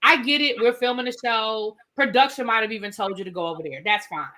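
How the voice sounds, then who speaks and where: A woman hosting a casual reality TV recap, opinionated and animated, acting out what people said. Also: on the high side, brisk. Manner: animated, opinionated, acts out quotes. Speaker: recap show host.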